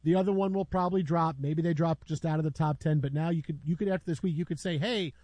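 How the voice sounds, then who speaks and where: A man hosting a sports radio talk show, emphatic and animated, repeating phrases for effect. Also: a little high, quick pace, no echo.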